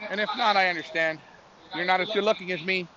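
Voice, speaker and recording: A man's voice: high-pitched, steady tone, fast. A man commenting on a live stream as pigeon loft manager, talking in a folksy, rambling way with many fillers. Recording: muffled audio with crowd noise.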